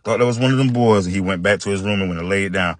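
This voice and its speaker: Animated casual male joke teller. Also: sits low, racing, no room sound, clean studio sound. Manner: animated storytelling in casual dialect.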